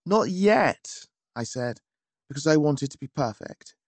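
A man narrating a first-person story in a wry, measured, theatrical manner. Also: medium pitch, steady tone, warm tone, no room sound. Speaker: audiobook narrator. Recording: dry close studio.

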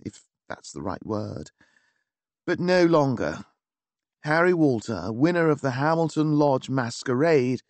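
A man narrating a first-person story in a wry, measured, theatrical manner. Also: medium pitch, a little mellow, no room sound. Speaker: audiobook narrator. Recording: dry close studio.

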